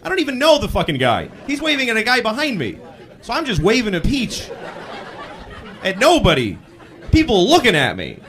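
A man doing a stand-up set on a club stage, telling stories and breaking into loud yells for punchlines, with the audience laughing behind him. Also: high-pitched, moderate pace, long pauses, a faint crowd. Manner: animated storytelling, bursts into loud yells for punchlines. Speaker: stand-up comedian.

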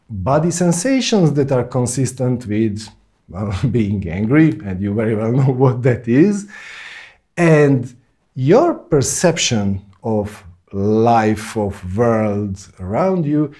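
A man teaching a spoken self-help course, talking slowly and deliberately, pausing often and rising into sudden emphasis. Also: medium pitch, mellow. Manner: slow, deliberate, with long pauses and sudden emphatic rises.

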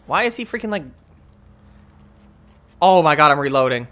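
A young man hosting a gaming channel, giving excitable live commentary that swings from muttering to yelling, trash-talking other players. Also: on the high side, normal speed, long pauses.

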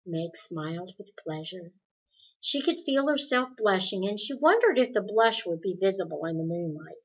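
A woman narrates a novel chapter aloud in an even, expressive storybook manner. Her voice is bright and a little breathy. The recording sounds dull and lo-fi. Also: medium pitch, normal speed. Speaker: audiobook reader.

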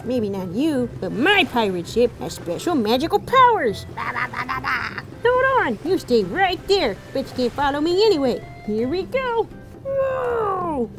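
A woman voicing a cheerful young gummy gator pirate in a kids' pretend-play video, full of excited whoas and squeals. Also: high voice, slow, full character voice. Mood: amazed. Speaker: show's title character. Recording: music playing behind.

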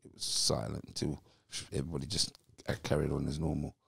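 A man's voice: a bass voice, level tone, a little fast, creaky, a bit bright, husky, no room sound, clean studio sound. A British man in his fifties, a former footballer, guest on a podcast, telling his story animatedly and acting out what people said. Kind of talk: storytelling interview.

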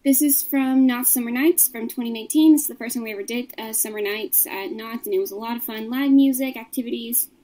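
Mellow woman showing off her collection. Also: fairly high pitch, a little fast, hardly any pauses, low-quality recording. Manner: matter-of-fact, describing items one by one. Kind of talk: casual show-and-tell of a collection.

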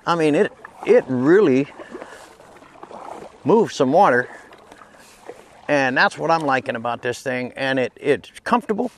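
A man's voice: medium pitch, lively intonation, measured pace, long pauses, a little hiss or hum. A man casually reviewing a kayak paddle outdoors, enthusiastic and folksy, repeating points for emphasis. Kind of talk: casual product review vlog. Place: outdoors on a lake, then a patio.

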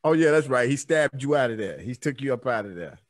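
A man's voice: mid-range voice, expressive, quick pace, dry recording, clean studio sound. A man with a Chicago accent hosting a casual interview, reacting with short interjections and reading viewer comments aloud. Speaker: host.

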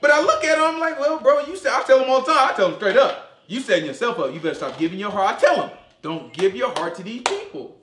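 A man preaching an informal sermon in slangy, animated talk, acting out voices as he goes. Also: extremely high pitch, fast, a little hiss or hum. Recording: echoey room.

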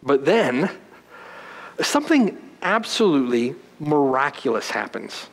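A male pastor preaching a sermon, moving from loud, forceful emphasis to hushed, quiet passages. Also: very animated, unhurried. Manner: dramatic preaching, swinging from loud emphasis to hushed low tones. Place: church sanctuary. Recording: long hall reverb.

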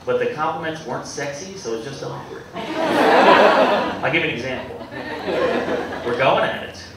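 Male stand-up comic, deadpan and self-deprecating, lively pitch, recorded from far off in an echoey club with loud crowd noise. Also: normal speed. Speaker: stand-up comedian. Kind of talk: stand-up comedy set. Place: comedy club with live audience.

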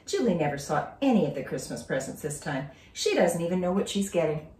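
A woman voicing a cheerful, proud father with a jolly, lowered voice, in a storybook read-aloud. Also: sing-song, brisk, a little mellow. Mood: gleeful. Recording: roomy, distant from mic.

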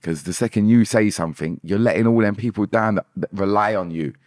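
A man's voice: on the low side, fairly quick, darkish tone, no echo, clean studio sound. A young British man, a dancehall artist and podcast guest, telling his story candidly with many restarts and repeated words. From Britain. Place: podcast studio.

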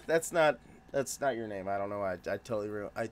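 A man's voice: fairly low pitch, lively intonation, brisk. A man streaming games live, joking around and greeting his chat by name in a goofy way. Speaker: game streamer chatting with viewers.

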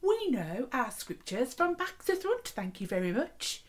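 Stern, pompous male priests, played by a woman, scold in a loud, raised voice. They drag out each word slowly and haughtily. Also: sits high, big pitch swings, pitched above the performer's own voice.

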